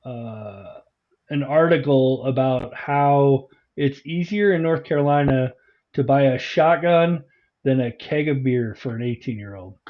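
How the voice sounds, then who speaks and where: A man's voice: medium pitch, a little slow, dull audio. A man co-hosting a podcast in casual chat, reading facts off his notes and laughing easily. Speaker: podcast co-host.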